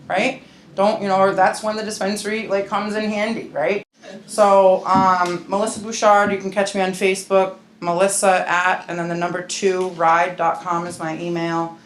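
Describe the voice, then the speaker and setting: A woman's voice: fairly low pitch, fairly even intonation, normal speed, a little hiss or hum. A woman speaking as a patient advocate at a seminar, chatty and frank with joking asides. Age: adult with a grown-up mother. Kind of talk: casual seminar talk. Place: seminar room at a wellness center. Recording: echoey room with faint ambience.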